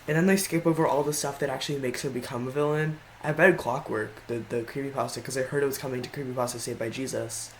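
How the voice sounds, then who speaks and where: A man's voice: mid-range voice, fairly even intonation, quick pace, hardly any pauses, a little hiss or hum, rough recording. A man giving casual tier-list commentary in a rambling way, often stopping to correct himself. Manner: rambling, frequent self-corrections. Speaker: video creator.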